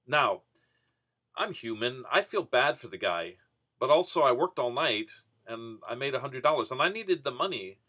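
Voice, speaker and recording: A man's voice: mid-range voice, sing-song, moderate pace, sharp tone. A man casually telling a rambling personal story, full of "you know" and restarts. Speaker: vending business vlogger.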